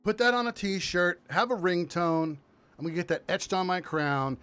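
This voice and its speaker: A man hosting a casual commentary show, ranting in a profane, mocking, animated way. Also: high voice, normal speed, clear, resonant tone, soft background music. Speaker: commentary host. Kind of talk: casual political rant.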